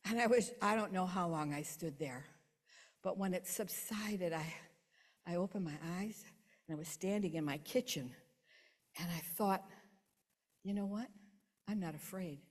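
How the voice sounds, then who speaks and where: A woman's voice: on the low side, moderate pace, pauses often. Woman telling her faith story in a hall. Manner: earnest storytelling, swings between hushed and emphatic. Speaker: testimony speaker. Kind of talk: personal faith testimony. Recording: long hall reverb.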